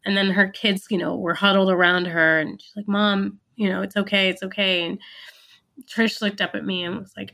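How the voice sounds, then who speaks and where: Woman, bright voice, founder guest in an interview, earnest storytelling with lots of "um"s. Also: medium pitch, flat delivery, a little fast, gravelly. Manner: earnest, reflective, with fillers and restarts.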